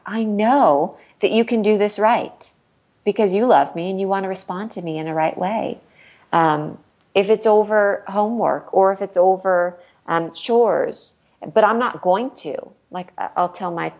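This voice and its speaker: A woman's voice: fairly low pitch, a little mellow. A woman author, a guest in a conversational interview, speaking earnestly and acting out what she says to her kids. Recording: dull lo-fi recording.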